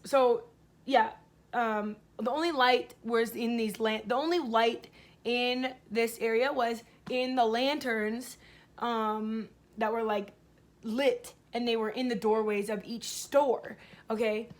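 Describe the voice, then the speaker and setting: A woman's voice: on the high side, takes it slowly. A woman vlogger telling a story in a casual, rambling way, full of fillers. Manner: rambling, filler-heavy, animated retelling.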